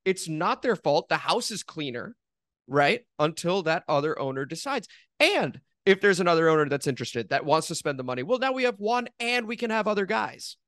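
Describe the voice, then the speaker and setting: Lively-voiced man in sports chat. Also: fairly high pitch, no echo, clean studio sound. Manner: measured, reasoning through points. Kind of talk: casual sports talk.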